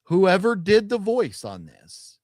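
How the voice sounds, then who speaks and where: The recording, studio quality with no echo, captures a man whose voice sits high, swings widely in pitch and moves slowly, with a slightly mellow tone. He co-hosts a podcast, casually talking over a movie with rambling restarts and laughter.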